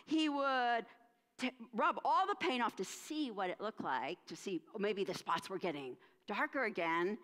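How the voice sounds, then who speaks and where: A woman minister telling a story during a church service, dramatic and expressive, in a church with a long hall reverb. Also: medium pitch.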